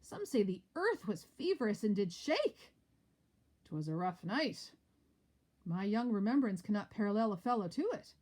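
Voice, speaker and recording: A woman's voice: mid-range voice, big pitch swings, normal speed, darkish tone. A woman reading aloud as a nobleman recounting a stormy night, earnest and dramatic. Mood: ominous.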